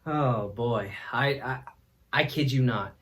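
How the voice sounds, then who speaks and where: A man's voice: medium pitch, slow, fairly bright tone, a little hiss or hum. A man hosting a comedy talk show, telling a rambling story with folksy asides and frequent laughter. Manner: laughs often, acts out voices, folksy asides.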